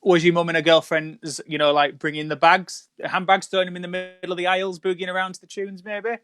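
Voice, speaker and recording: A man's voice: high-pitched, level tone, a little fast, fairly bright tone. A man hosting a casual live video interview, reading out viewer questions in a friendly way. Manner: friendly, reads out viewer questions, laughs along. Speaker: interview host.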